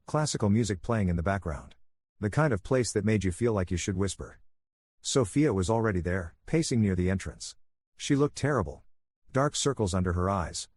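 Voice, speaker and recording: A man calmly narrating a first-person story in a soothing, even voice for listeners to fall asleep to. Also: on the low side, no echo, studio quality.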